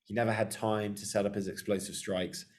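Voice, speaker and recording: A man co-hosting a podcast, speaking in a casual, steady way and moving the talk along. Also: lowish voice, fairly quick. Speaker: podcast co-host. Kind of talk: casual chat.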